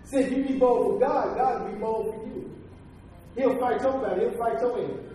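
A man with a very high yet dark-toned voice speaks steadily and a little fast, giving a sermon testimony from his own life with emphatic, folksy delivery and preaching asides. Faint noise and heavy hall echo come through, as he is recorded from far away.

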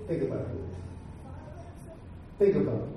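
A man's voice: moderate pace, lo-fi sound, a little hiss or hum. A man preaching a sermon with emphatic repetition, leading the congregation in chanted call-and-response and telling long stories. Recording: echoey hall from far off.

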